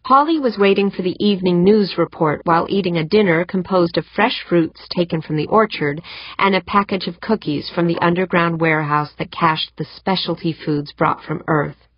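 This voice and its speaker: Low-voiced female audiobook narrator. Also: normal speed, no echo. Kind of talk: scripted narration. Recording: dry, slightly dull audiobook recording.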